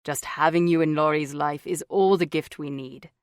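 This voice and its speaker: A woman's voice: deep voice, fairly even intonation, normal speed, dry recording, studio quality, pitched below the performer's own voice. A woman voicing a tender, earnest young husband and father in an audiobook.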